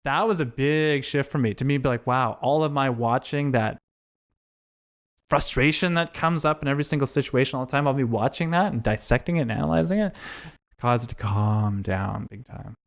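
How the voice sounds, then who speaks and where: A man's voice: mid-range voice, moderate pace, creaky. A man, a podcast guest telling candid, profane, self-reflective stories in casual conversation.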